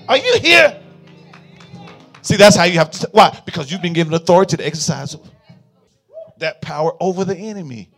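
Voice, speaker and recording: With a high voice, a male pastor delivers a call-and-response sermon, moving between hushed murmurs and impassioned shouting.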